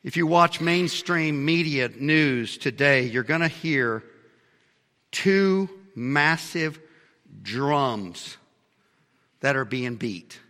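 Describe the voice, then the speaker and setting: Male pastor, fiery sermon delivery with sudden quiet asides, tense bright tone, long reverb. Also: lively intonation, drawn-out words. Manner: fiery preaching, swinging between shouts and low asides.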